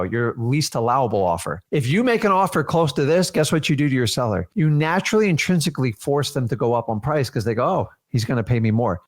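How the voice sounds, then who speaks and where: A man in his forties coaching a live training, emphatic and energetic, acting out quick dialogues with sellers. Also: fairly high pitch. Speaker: real estate wholesaling coach.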